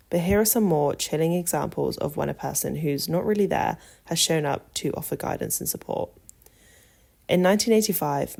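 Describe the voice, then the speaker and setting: A woman hosts a podcast in a low voice with plenty of vocal fry. She reads a script in a calm, measured way and adds short personal asides. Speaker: podcast host.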